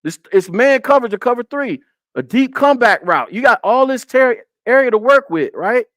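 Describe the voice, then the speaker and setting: A man's voice: very high-pitched, animated, normal speed, fairly bright tone, no room sound. A man hosting a casual football film breakdown on a live stream, repeating his points and talking to the chat.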